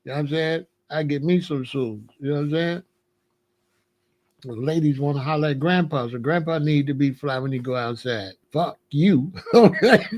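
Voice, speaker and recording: Older man, grandfather, high voice, profane taunting rant, laughing, casual vlog. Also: moderate pace, a little mellow. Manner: profane, taunting, laughs often, repeats "you know what I'm saying". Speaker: vlogger scolding his grandson.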